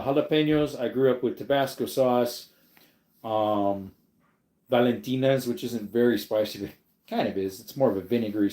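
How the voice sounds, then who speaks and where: A man hosts a laid-back livestream, drifting from one thing to the next as he replies to his chat. His voice is mellow and relaxed, at an ordinary pitch for a man. The sound comes back off the walls of an echoey room. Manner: rambling, reads chat aloud and answers viewers. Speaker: livestream host. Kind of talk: casual live stream chat.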